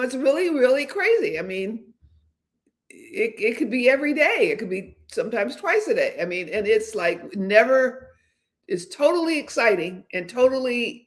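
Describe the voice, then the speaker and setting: A woman's voice: fairly high pitch, sing-song, normal speed. A woman in her seventies, hosting a livestream and chatting candidly in a rambling way, with many fillers and restarts. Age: 70s. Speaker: host. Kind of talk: casual livestream chat.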